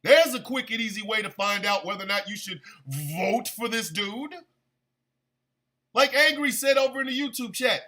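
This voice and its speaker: A man's voice: sits high, animated, moderate pace, bright, forceful tone. A man hosting a stream radio show, delivering a heated, profane and sarcastic political rant.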